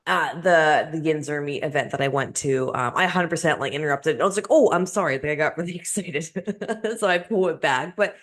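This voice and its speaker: A young woman with a low-pitched voice co-hosts a casual podcast. She talks in loose, rambling runs full of fillers and restarts, and she laughs easily. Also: brisk. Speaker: podcast co-host. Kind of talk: casual chat.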